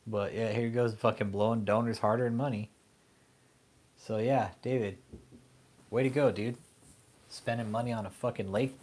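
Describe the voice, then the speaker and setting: A man's voice: mid-range voice, a little mellow. A man hosting an online commentary show, ranting angrily and profanely at a preacher, mocking him with insults. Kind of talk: casual profane rant.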